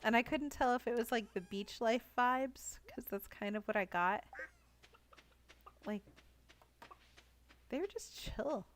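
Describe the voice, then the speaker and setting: A woman's voice: a little high, expressive, unhurried, long pauses, a little hiss or hum. A young woman streaming a cozy farming game, chatting casually with viewers, giggling often as she reads their messages aloud. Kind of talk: casual live-stream chat.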